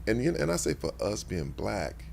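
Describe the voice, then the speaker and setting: A man's voice: fairly low pitch, wildly swooping pitch, brisk, creaky, a little mellow. A man in his sixties, a former football player, telling stories in a casual interview with lots of restarts and repeated words.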